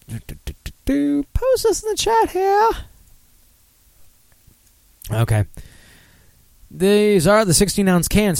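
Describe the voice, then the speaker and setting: A man hosting a casual beer podcast, rambling, excitable and quick to laugh as he goes through new releases. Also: a little high, dry recording. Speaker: podcast host.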